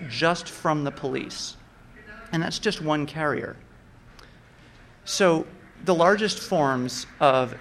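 Man, slightly high voice, measured explanatory talk, faint ambient hum behind. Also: gravelly, a bit bright. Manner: measured, explaining with fillers and restarts. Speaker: speaker giving a talk.

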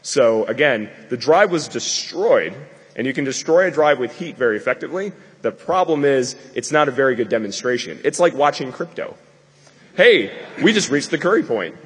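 A man's voice: medium pitch, lively intonation, fairly quick, slightly rough, long reverb tail. A man giving a live conference talk to an audience, rambling and joking with many fillers. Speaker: conference speaker. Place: lecture hall with an audience.

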